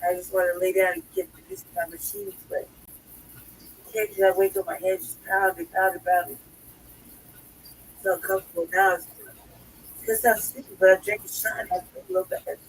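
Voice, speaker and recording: A sick woman in pain who keeps coughing, talking in a quiet, half-whispered, rambling way as a guest on a talk stream. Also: mid-range voice, sing-song, a little fast, pauses often, far from the mic, a little hiss or hum, low-quality recording.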